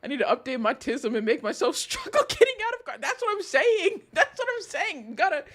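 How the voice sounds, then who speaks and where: A young woman talks over a clip on her stream, laughing in disbelief and swearing freely. Her voice sits high and swings widely in pitch. The tone is loose and chatty, like a casual reaction video. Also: sing-song, fairly quick, fairly bright tone.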